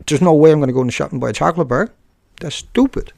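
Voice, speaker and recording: Gravelly man ranting on a live stream. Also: fairly high pitch, very fast, darkish tone, dry recording, clean studio sound. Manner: combative, taunting and scornful toward a commenter. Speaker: live streamer answering chat. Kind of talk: unscripted live stream rant.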